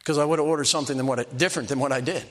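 An older man preaching a sermon, telling folksy personal stories with restarts and slow, emphatic punchlines. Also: medium pitch, fairly even intonation, a bit bright.

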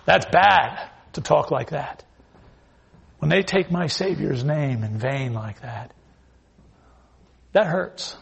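A man delivers a sermon in a somewhat high, husky voice. He quotes scripture with mounting force and hammers home repeated phrases. Between the peaks he falls back to a low, earnest tone. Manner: swings from quiet earnest asides to loud raised pitch. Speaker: preacher.

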